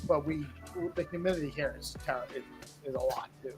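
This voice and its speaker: Male guest from southern New England, slightly high voice, rambling and easygoing. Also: a little fast, over music. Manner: rambling, laid-back, chuckles while talking. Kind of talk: casual chat.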